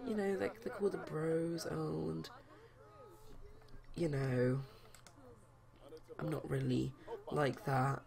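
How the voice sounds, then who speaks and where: A woman's voice: low voice, steady tone, takes it slowly, gravelly, long pauses, crowd noise, heavily acted. A woman voicing a young man Sim who is coaxing a friend, in a light, offhand way.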